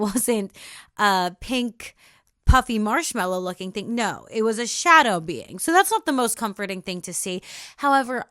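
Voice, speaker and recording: A woman podcast host telling a personal story with feeling, repeating phrases and slowing down for emphasis. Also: mid-range voice, a bit bright, no echo, studio quality.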